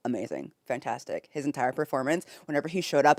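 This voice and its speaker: A woman's voice: sits low, quick pace, hardly any pauses, dry recording. A young American woman streaming from bed, chatting casually with viewers, reading chat aloud and laughing often. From United States. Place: home, in bed.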